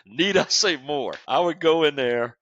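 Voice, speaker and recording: A man's voice: a little high, unhurried, a bit bright, no room sound, muffled recording. A man, hosting a podcast and telling stories between laughs. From Westbank of New Orleans. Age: 60s. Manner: storytelling, laughs often. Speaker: podcast host. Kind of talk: casual interview chat.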